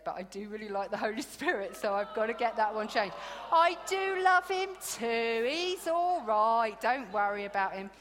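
A woman preaching a sermon in a chatty, animated storytelling way, laughing now and then. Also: medium pitch. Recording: long hall reverb.

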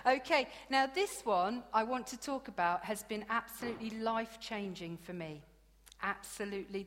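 A woman preaching a sermon in a chatty, animated storytelling way, laughing now and then. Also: mid-range voice. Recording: long hall reverb.

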